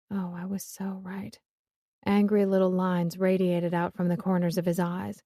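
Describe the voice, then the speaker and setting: A woman's voice: lowish voice, level tone, normal speed, dark tone, no room sound, clean studio sound. A woman narrating a romance audiobook in first person, in a wry, conversational manner.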